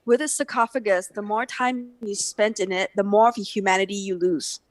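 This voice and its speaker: A woman co-hosting a casual livestream chat, telling stories with lively acted-out reactions. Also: medium pitch, a little fast, dry recording. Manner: animated storyteller, acts out her own reactions. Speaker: co-host.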